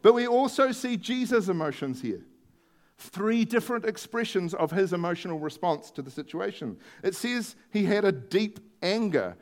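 A man's voice: high voice, lively intonation, moderate pace. A male preacher giving a sermon, retelling a story in a conversational way and stressing key words.

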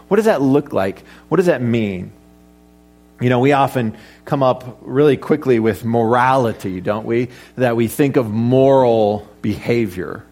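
A man's voice: mid-range voice, lively intonation, measured pace, long pauses, a little mellow. A middle-aged male pastor preaching a conversational sermon, with joking asides and rhetorical questions to the congregation.

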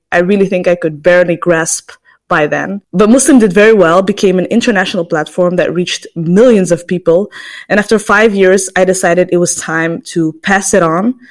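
A woman in her twenties from Belgium, hosting a podcast and telling her own story in a reflective, personal monologue. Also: mid-range voice. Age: 20s. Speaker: podcast host.

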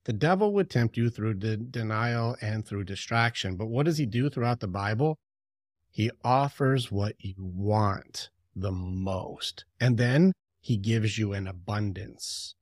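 A man co-hosting a casual conversation, telling stories in an animated way with quick asides. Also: on the low side, dry recording, studio quality. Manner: animated storyteller, lively with impressions and asides. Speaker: podcast co-host.

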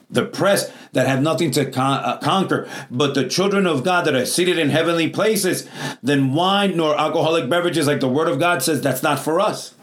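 A middle-aged pastor with a fairly high voice preaches a Pentecostal sermon in church, calling out to his congregation in non-native English phrasing. There is slight background noise.

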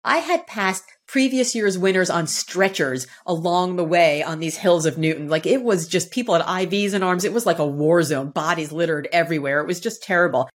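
Woman on a podcast telling a story, animated, does little voices for the quotes. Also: a little fast, hardly any pauses. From Boston area, United States. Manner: lively, acts out quotes with shifting pitch. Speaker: podcast guest, author and speaker.

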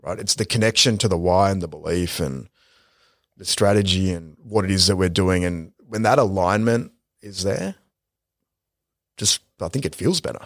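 Deep-voiced reflective male podcast co-host. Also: dry recording, studio quality. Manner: reflective, unhurried, with filler "like". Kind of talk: casual podcast chat.

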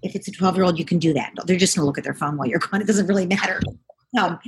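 A middle-aged woman giving parenting advice in a calm, coaching way. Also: on the low side, rapid-fire, slightly rough. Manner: calm, coaching, acts out parent and child lines. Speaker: parenting expert guest. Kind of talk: conversational advice.

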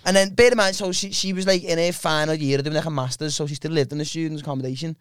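A man's voice: fairly high pitch, fairly even intonation, rapid-fire, clear, resonant tone, no room sound, clean studio sound. A man hosting a podcast, telling a crude rambling story in casual chat. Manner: rambling and crude, many restarts. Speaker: podcast host.

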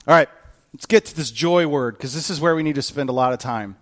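A man preaching a sermon as a pastor, animated and candid, with self-mocking humor and voices acted out in quotes. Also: on the high side, brisk.

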